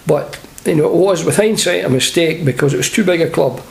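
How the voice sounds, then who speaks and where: A man's voice: fairly high pitch, brisk, creaky. An older man with a Scottish accent, a former footballer telling humorous anecdotes in an interview and laughing along. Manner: chatty, humorous, laughs at his own stories. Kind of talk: anecdotal storytelling.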